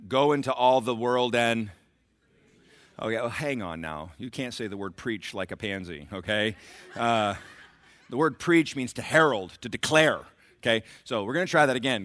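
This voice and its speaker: A man's voice: mid-range voice, expressive, normal speed, fairly bright tone, dry recording. A middle-aged man preaching a sermon as pastor, building to emphatic surges and talking directly to the congregation.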